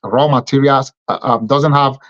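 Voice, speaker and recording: A man's voice: medium pitch, fairly even intonation, normal speed, fairly bright tone, highs cut off. A man hosting a televised political commentary monologue, speaking emphatically and repeating phrases in lists, with frequent fillers. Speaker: TV program host.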